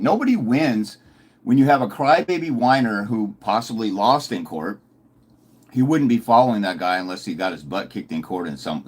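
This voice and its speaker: A man's voice: mid-range voice, slightly rough. A man giving a combative, mocking commentary, repeating his put-downs as he builds his case. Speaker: fathers' rights consultant. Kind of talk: ranting commentary video.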